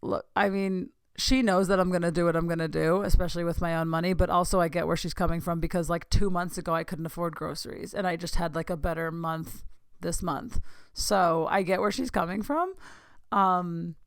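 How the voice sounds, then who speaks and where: A woman in her thirties hosting a podcast, telling a story in an excitable, gushing way that keeps interrupting itself. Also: fairly low pitch, brisk, smooth, dry recording, studio quality. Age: 30s. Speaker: podcast host. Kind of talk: casual storytelling.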